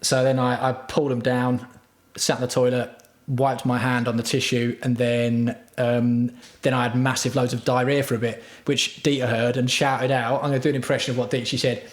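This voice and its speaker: A man's voice: mid-range voice, level tone, fairly quick. Profane, rambling man, roomy room. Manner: profane, crude, self-mocking storytelling. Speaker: livestream host. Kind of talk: rambling casual livestream chat.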